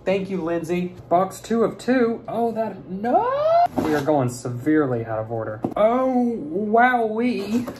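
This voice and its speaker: A young man chatting playfully while opening fan mail, swinging from mumbles to high squeals. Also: big pitch swings, a little slow, few pauses, heavy background noise. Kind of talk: casual unboxing chat.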